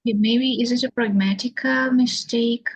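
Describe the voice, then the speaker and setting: A woman's voice: on the high side, fairly even intonation, normal speed, breathy edge, poor audio. A woman, a trainee answering in an online class, sounding unsure.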